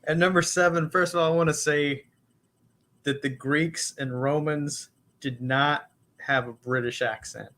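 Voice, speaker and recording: A man's voice: on the high side, fairly even intonation, a little slow, fairly bright tone. A man co-hosting a podcast, bantering in a dry, teasing way. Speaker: podcast co-host. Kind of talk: casual podcast chat.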